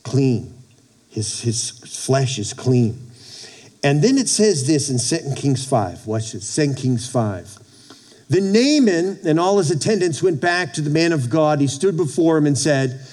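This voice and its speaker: A man preaching a sermon, retelling a story in a halting way, repeating words and acting out the characters' lines. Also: a little high, sing-song, a little mellow. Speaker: pastor.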